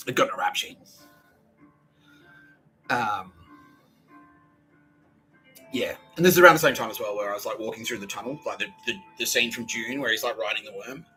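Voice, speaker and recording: Profane Australian man rambling, bright voice. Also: medium pitch, low-quality recording. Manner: profane, laughing, agitated storytelling. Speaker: podcast host. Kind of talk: rambling monologue.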